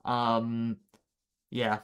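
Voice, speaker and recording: His mid-range voice is smooth and monotone, stretching out his words as he streams a game live. Worn out and exasperated, the man rambles through step-by-step guidance for his teammates in live gameplay commentary.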